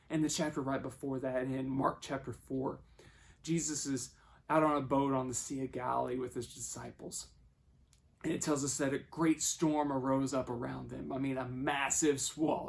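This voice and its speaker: A man preaching a sermon, telling the story and acting out the voices he quotes, moving between hushed and loud passages. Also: medium pitch, flat delivery, normal speed, gravelly.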